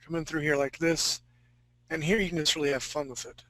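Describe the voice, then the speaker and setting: A man's voice: on the high side, fairly even intonation, brisk, fairly bright tone, no echo, rough recording. A man teaching a live fantasy-art drawing class, talking casually and joking with his students. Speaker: art instructor.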